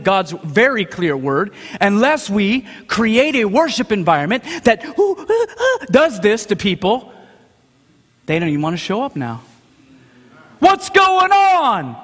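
Middle-aged male preacher with a high voice, dramatic and animated, in a big reverberant hall. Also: breathy edge. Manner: dramatic, acts out quotes, swings from hushed to shouting. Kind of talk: sermon.

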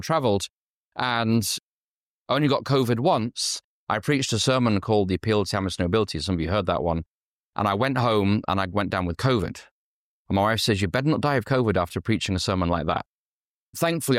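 A man's voice: lowish voice, no echo, studio quality. A man from Yorkshire preaching a conversational sermon who keeps asking his listeners questions. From Yorkshire, England. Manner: conversational, asks the audience questions. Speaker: pastor.

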